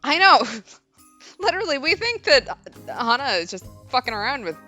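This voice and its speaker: Bright, lively woman joking through a game. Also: high voice, moderate pace, soft background music. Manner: joking, chatty, laughs often. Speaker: let's play host. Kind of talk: casual game commentary.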